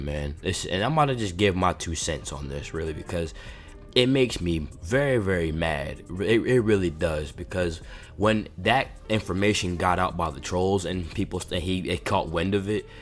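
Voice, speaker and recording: Deep-voiced man on a heated rant. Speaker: commentary channel host. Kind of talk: reaction commentary. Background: faint background music.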